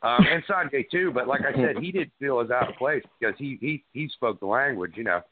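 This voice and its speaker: A man's voice: medium pitch, expressive, brisk, over a noisy crowd. A middle-aged man, a wrestler guest, telling stories in a rambling way with many restarts and fillers. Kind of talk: casual interview chat. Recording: tinny phone-like line.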